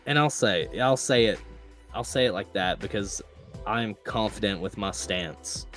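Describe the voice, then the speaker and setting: A man's voice: lowish voice, a little slow, fairly bright tone, faint music behind. Laid-back profane man hosting a podcast. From East Tennessee. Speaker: podcast host. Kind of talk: casual race-reaction chat.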